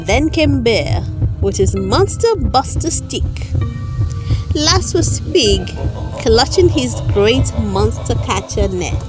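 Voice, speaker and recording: A woman reading a children's storybook aloud, narrating in a slow, expressive storytelling way over loud music. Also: a little high. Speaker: storybook reader.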